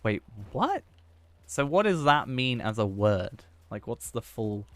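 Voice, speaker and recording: A man's voice: mid-range voice, big pitch swings, slow pace, no room sound. A man streaming a game, chatting casually and thinking aloud in a rambling, self-mocking way. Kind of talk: casual gameplay chat.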